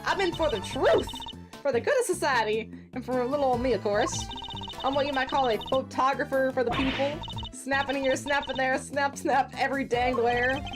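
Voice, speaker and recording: Une photojournaliste bruyante et fouineuse avec un accent du Sud américain à la voix gouailleuse et haut perchée, jouée par une femme, sur fond de musique de jeu vidéo. Elle parle avec un accent traînant et taquin, pleine d'aplomb. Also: female voice, high voice, moderate pace, natural voice. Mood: boastful. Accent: put-on American Southern. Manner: folksy twang, brassy and teasing. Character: brash nosy female photojournalist, pushy and loud. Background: game music.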